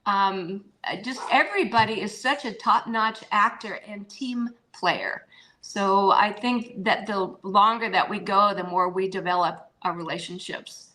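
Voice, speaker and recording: A woman's voice: medium pitch, a little slow, rough recording. An older woman, an actress, chatting as an interview guest from her home over a video call, with frequent fillers and easy laughter. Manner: warm, chatty, laughs often, trails off with fillers. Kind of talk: casual interview chat. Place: home with pets around.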